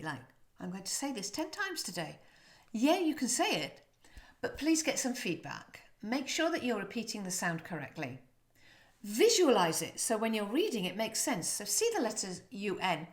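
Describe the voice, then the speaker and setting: A woman teaching French pronunciation, demonstrating sounds slowly and coaching the viewer to repeat. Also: mid-range voice. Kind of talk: pronunciation lesson to camera.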